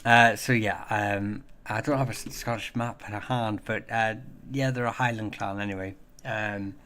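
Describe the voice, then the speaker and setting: Low-voiced man chatting on a livestream. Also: fairly even intonation, fairly bright tone. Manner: rambling, halting, many fillers and restarts. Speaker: livestream host. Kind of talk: casual livestream chat with viewers.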